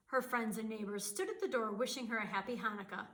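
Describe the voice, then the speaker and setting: Librarian reading a storybook, expressive woman, bright voice, echoey room. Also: fairly high pitch, fast talker, hardly any pauses. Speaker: children's librarian. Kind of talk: reading a picture book aloud. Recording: roomy echo.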